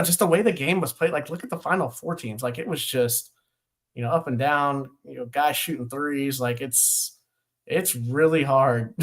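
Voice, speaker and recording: A man's voice: mid-range voice, fairly bright tone. A man co-hosting a casual sports podcast, who laughs often, leans on fillers and keeps saying "man". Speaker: podcast co-host.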